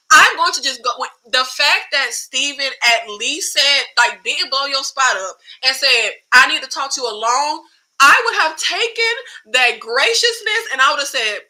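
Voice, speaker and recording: A woman giving a sassy, animated recap of a TV show, acting out the characters' lines as she goes. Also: high-pitched, moderate pace, low-quality recording. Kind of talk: casual TV recap commentary.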